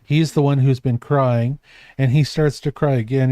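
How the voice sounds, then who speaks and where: A man's voice: mid-range voice, fairly even intonation, normal speed, mellow, dry recording. A man running a tabletop game as game master, narrating in a meandering, self-correcting way.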